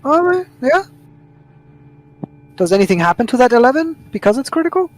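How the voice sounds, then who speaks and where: A man playing in a tabletop game, tossing in quick joking remarks. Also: very high-pitched, big pitch swings, faint music behind. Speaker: player. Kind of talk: casual tabletop play.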